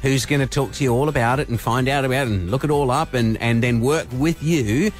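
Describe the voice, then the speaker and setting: A man's voice: medium pitch, a little fast, faint music behind. A man hosting breakfast radio, upbeat and chatty. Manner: upbeat, animated. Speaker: radio host.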